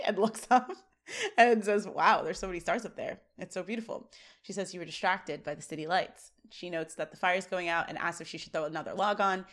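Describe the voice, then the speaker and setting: A woman co-hosting a podcast, recapping a sitcom episode in casual chat and acting out the lines as she goes. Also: on the low side. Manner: animated retelling, acting out lines. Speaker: podcast co-host.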